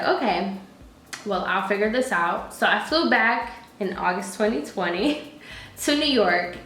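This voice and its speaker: A woman in her late twenties talks candidly to her viewers about her life, swearing freely and sometimes close to tears. Her voice sits a little low for a woman. The room is echoey, with a faint hum of ambience behind her. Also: a bit bright. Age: late 20s. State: near tears at times. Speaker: vlogger. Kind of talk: casual personal life update.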